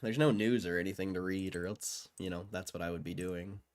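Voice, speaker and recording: A man's voice: sits low, fairly even intonation, brisk, smooth. A man hosting a livestream, rambling and joking crudely while bored and waiting. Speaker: livestream host. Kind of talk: casual livestream chat.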